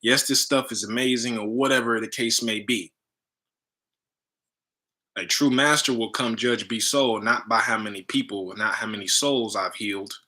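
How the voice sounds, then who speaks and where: A man's voice: fairly low pitch, steady tone, normal speed, sharp tone. A man and spiritual teacher telling a story in loose, slangy casual talk, full of "you know" and "right?".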